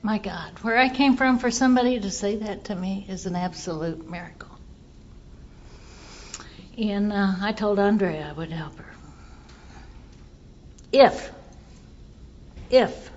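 A woman's voice: medium pitch, darkish tone, dull audio. A woman giving a personal recovery testimony, telling her story earnestly and voicing the people in it. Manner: earnest storytelling, quotes others in dialogue.

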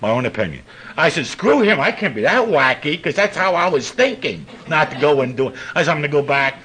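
Older new guy, gruff and cussing, swings way up and down, crowd laughing. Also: very animated, a little fast, slight background noise. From New York. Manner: gruff and profane, with big swings in pitch and loudness. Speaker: recovery meeting speaker. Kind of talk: storytelling talk to a live audience. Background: audience laughter.

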